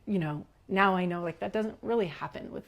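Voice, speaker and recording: A woman's voice: lowish voice, brisk, highs cut off. Earnest woman recounting a spiritual experience. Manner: animated and earnest, many "like" and "you know" fillers. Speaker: podcast guest, leadership coach. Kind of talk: personal storytelling in conversation.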